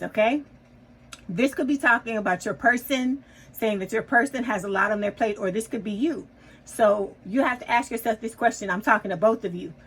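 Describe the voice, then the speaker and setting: A woman's voice: medium pitch, fairly bright tone, breathy edge, rough recording. A woman giving a casual tarot reading to her viewers, chatty and reassuring, often checking in with "okay?". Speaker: tarot reader.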